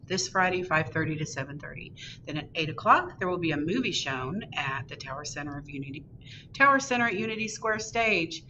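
A woman who is a children's librarian, reading a picture book aloud in an animated, sing-song way for a virtual storytime. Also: low-pitched, fairly quick. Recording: distant, dull recording with loud background hiss.

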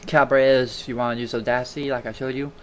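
A video tutorial host speaks fast in a level, mid-range voice, recording his screen at home through a desktop mic. He keeps things casual and rambling, repeating words for emphasis, over a faint hiss or hum.

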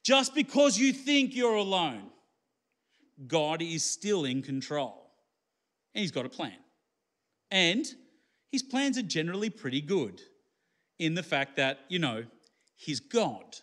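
A man preaches with a high-pitched voice in a relaxed, colloquial way. He lifts his voice to stress a point, then drops to low, quiet asides. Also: takes it slowly, pauses often. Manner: conversational, colloquial, swings between lifted emphasis and low, quiet asides. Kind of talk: sermon.

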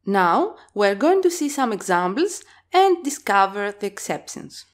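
Slow, lively woman teaching. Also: medium pitch. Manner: slow, clear teaching with example words said louder and drawn out. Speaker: language teacher. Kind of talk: scripted language lesson.

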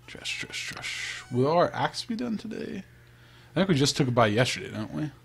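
A man's voice: on the high side, very animated, moderate pace, gravelly, slightly rough. A man giving casual, chatty gameplay commentary, thinking aloud and trailing off as he plays. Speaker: let's play host.

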